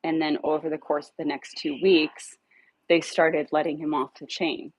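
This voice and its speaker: A woman casually telling a dog rescue story, animated, swearing now and then and acting out her own lines. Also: moderate pace, husky, no room sound, dull audio. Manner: animated, acts out her own dialogue in a higher voice; swears casually when irritated.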